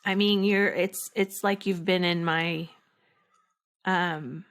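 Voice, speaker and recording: A middle-aged woman speaks as a guest in a heartfelt interview. Her voice sits low and her pace is unhurried. She restarts phrases often as she gathers her thoughts. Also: steady tone, a bit bright. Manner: halting, reflective, many restarts. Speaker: podcast guest, actress. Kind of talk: emotional interview conversation.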